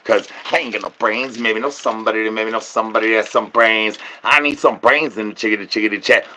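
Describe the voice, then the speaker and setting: This livestreamer is a man with a fairly low, fairly bright voice. He rambles through his live chat in goofy slang, tossing out sing-song nonsense rhymes.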